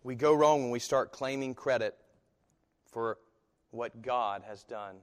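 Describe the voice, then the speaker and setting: A man preaching a sermon as pastor, swinging from hushed, slow phrases to loud, emphatic ones. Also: medium pitch. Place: church sanctuary. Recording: long hall reverb.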